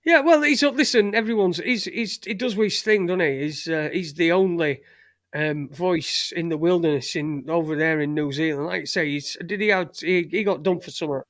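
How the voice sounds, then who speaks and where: A man hosting a loose live chat show, swearing freely and laughing between comments. His voice sits high, and the sound is dry and close with no room around it. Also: moderate pace, fairly bright tone, no room sound. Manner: sweary, blunt, laughing banter. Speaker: podcast host. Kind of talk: casual live-stream chat reading comments.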